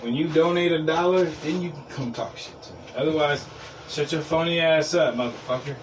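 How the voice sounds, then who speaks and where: Talking fairly quickly in a fairly high-pitched voice, a man hosts a casual solo podcast rant full of rambling, blunt, profanity-laced stories. The mic is distant and background noise comes through clearly.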